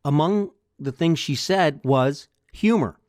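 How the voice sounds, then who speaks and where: A man's voice: fairly high pitch, slow pace, a little mellow, no room sound, clean studio sound. An older man hosting a podcast, talking alone in a chatty, wry way full of rambling asides. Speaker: podcast host. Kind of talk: solo podcast monologue.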